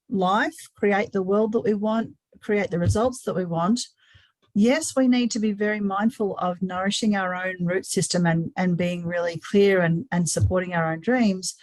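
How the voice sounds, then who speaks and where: A woman's voice: mid-range voice, darkish tone, no echo, rough recording. Earnest woman hosting a webinar. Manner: earnest, repeats words while thinking aloud. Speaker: webinar host. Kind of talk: live-streamed webinar talk.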